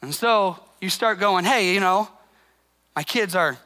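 A male pastor preaching a sermon in a conversational way, acting out what people say and dropping soft and low to stress a point. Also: measured pace. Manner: conversational, acts out quoted voices; drops to a soft, low intensity for emphasis.

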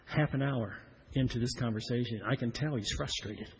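Very husky man preaching a story. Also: medium pitch, normal speed. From Iowa, USA. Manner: earnest, repetitive storytelling that swells louder when emphatic. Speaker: pastor. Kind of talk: personal storytelling sermon.

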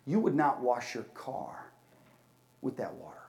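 A man giving an energetic fundraising talk at a church service, swinging between loud bursts and hushed moments. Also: mid-range voice, measured pace, gravelly. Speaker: charity speaker at a church.

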